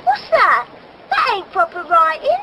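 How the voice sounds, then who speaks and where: A poor young Cockney flower girl, quick to take offence, pleads in a whining voice that sits very high. The audiobook recording has steady background noise. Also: exaggerated voice. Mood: indignant.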